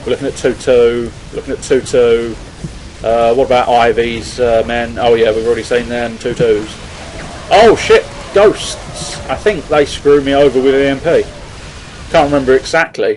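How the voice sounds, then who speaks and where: Male gameplay commentator, mid pitch, rambling and profane, light background hiss. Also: darkish tone, poor audio. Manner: rambling, swearing, self-mocking. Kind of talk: casual strategy game commentary.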